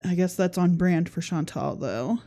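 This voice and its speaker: Mellow-voiced woman, sarcastic livestream host. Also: fairly low pitch, moderate pace. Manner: sarcastic, laughs often while talking; reads viewer comments aloud. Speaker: podcast host. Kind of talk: casual livestream commentary.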